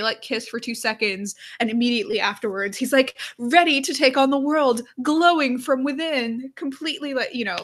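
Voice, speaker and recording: A woman hosting a live aftershow, chatting casually and reading viewer comments aloud, with lots of "like" fillers and quiet murmured asides. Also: a little high. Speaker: aftershow host.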